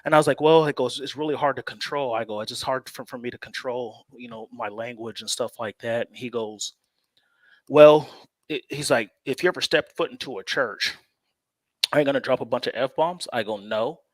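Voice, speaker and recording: A man's voice: mid-range voice, fairly quick, dry recording. A man co-hosting a casual sports chat, telling a personal story at an easy pace and laughing often. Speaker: co-host.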